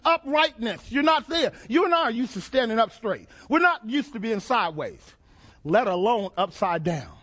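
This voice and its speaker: Male preacher, very high-pitched, rhetorical questions, repeats key lines. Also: fairly bright tone. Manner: preaching with call-and-response questions and dramatic repetition. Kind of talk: sermon.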